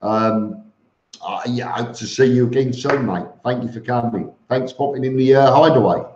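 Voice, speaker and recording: A man's voice: medium pitch, moderate pace, a little mellow, a little hiss or hum. A man chatting casually on a live stream, reading out viewer comments and answering them bluntly, with lots of fillers and restarts and the odd "mate". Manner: blunt and matter-of-fact, says "mate". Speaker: vlogger answering live chat. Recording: roomy, dull lo-fi stream audio.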